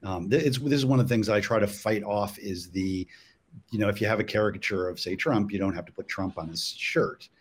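A man's voice: fairly low pitch, husky. A man, a guest cartoonist, chatting casually on a panel, often stopping and restarting his sentences. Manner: halting, full of restarts.

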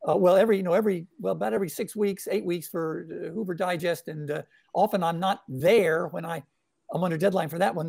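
A man talks through his cartoons in a relaxed interview, stopping and restarting often. His voice is gravelly and a little husky, recorded dry and close. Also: fairly high pitch, no echo. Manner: hesitant, many fillers and restarts. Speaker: editorial cartoonist guest. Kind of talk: casual interview chat.

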